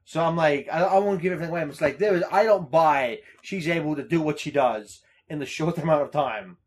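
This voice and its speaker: A man's voice: a little high, fast. A man co-hosting a podcast in casual chat, rambling, swearing and laughing often. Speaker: podcast co-host.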